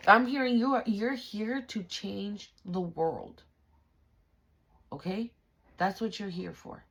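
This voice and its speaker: A woman's voice: mid-range voice, slow pace, vocal fry, fairly bright tone, husky. A woman giving a spiritual tarot reading straight to the viewer, emphatic and slangy, with frequent swearing. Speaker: tarot reader.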